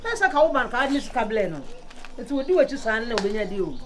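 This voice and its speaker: An actress with a Ghanaian accent playing a sharp-tongued woman in a comedy film, brisk and scolding. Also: fairly high pitch, sing-song.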